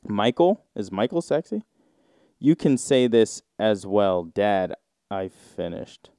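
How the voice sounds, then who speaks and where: A man hosting a casual solo podcast, reading search results aloud and riffing on them in a rambling, drawn-out way with sudden mocking outbursts. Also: lowish voice, lively intonation, warm tone, clear, resonant tone, no echo, clean studio sound. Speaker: podcast host.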